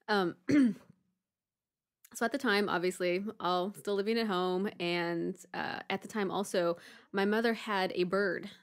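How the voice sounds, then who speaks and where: Woman podcast host telling a story, animated, acts out panicky voices, mid pitch. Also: a little slow, clean tone. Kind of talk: casual storytelling chat.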